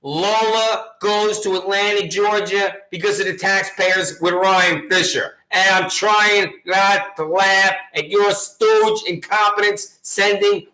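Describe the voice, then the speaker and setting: Sarcastic man on camera, high-pitched and deliberate, slowly mocking his target, in a roomy space. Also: pushed and bright. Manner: taunting, sarcastic, slow and emphatic. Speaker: citizen activist video maker. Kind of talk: confrontational monologue to camera. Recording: roomy echo.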